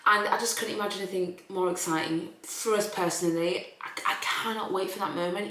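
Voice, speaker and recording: A woman's voice: mid-range voice, steady tone, fast, a bit bright, slight background noise. Young woman, chatty vlog talk, emotional, echoey room. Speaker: vlogger. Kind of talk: casual Q&A vlog.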